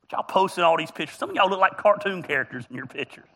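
Preacher guy, husky bright voice, jokey and chatty with the crowd. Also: sits high, expressive, fast talker. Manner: joking, chatty, teasing the congregation. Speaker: pastor. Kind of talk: humorous sermon storytelling. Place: church auditorium.

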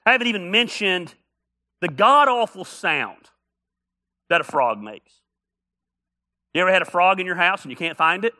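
A male pastor preaching a sermon, telling stories with humor and building up to shouts. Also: high-pitched.

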